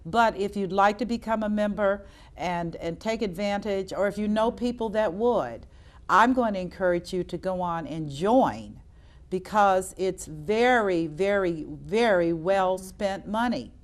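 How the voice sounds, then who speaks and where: A woman's voice: mid-range voice, measured pace. An older woman hosting a local talk show, earnest and encouraging, repeating points for emphasis. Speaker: host. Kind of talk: public-access talk show.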